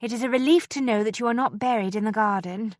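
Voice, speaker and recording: Woman reading a prim, brisk governess. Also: on the high side, dry recording, clean studio sound, natural voice. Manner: precise, prim and firm.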